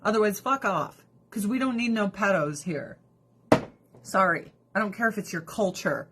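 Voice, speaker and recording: A woman's voice: medium pitch, moderate pace, background noise. A woman vlogger chatting through her skincare routine, profane and sarcastic, breaking into mocking voices. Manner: animated, drops into mocking voices. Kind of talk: casual rant during a skincare routine.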